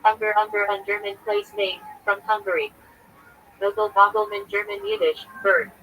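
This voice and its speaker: A man's voice: high-pitched, steady tone, moderate pace, sharp tone, slight background noise, poor audio. A man, a rabbi, reading from a list on a livestream in short clipped fragments. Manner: clipped fragments, terse and listing.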